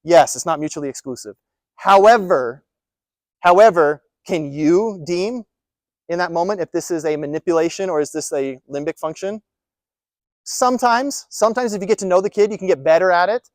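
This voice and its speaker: A man with a high voice gives a live talk to a room of caregivers. He is emphatic and keeps asking rhetorical questions and repeating key points. The sound is dry, with little room echo. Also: moderate pace. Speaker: presenter. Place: presentation room.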